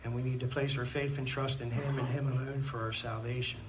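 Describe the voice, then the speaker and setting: A man's voice: mid-range voice, level tone, a little fast. Earnest Pennsylvania man preaching, scripture and amens, distant mic in a church. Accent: Pennsylvania American. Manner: earnest, reads scripture aloud with frequent amens. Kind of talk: sermon. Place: church hall. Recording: distant mic in a church with faint room noise.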